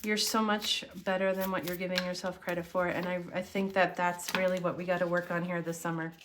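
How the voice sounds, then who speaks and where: Speaking briskly in a lowish, level voice over some background noise, a woman gives a casual tarot reading to camera. She addresses the viewer directly, earnest and encouraging.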